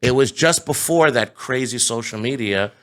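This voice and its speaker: A man's voice: mid-range voice, moderate pace, smooth. A middle-aged man, a home builder, telling stories in a casual chat and laughing through them. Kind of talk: casual storytelling.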